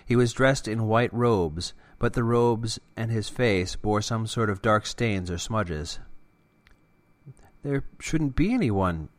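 Low-voiced male storyteller, dry recording. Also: no room sound. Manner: steady, deliberate reading. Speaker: narrator. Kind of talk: scripted story narration.

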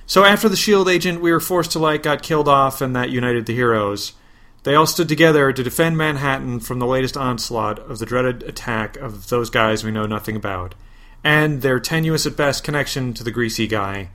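A man hosting a podcast, reading a parody superhero story in a deadpan way, flatly spelling out web addresses and asides. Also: mid-range voice, brisk, hardly any pauses. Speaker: podcast host.

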